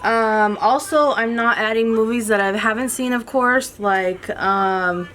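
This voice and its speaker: A woman's voice: fairly high pitch, a little slow, fairly bright tone, slight background noise. A woman talking casually to camera about her favorite movies, chatty and upbeat, full of ums and restarts, a little out of breath. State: a bit out of breath. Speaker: movie vlogger.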